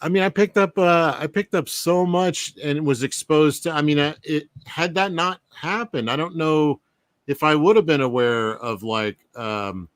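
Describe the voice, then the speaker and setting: A man's voice: a little high, unhurried, no echo. A man talking as a guest in a casual chat, enthusiastic and full of fillers.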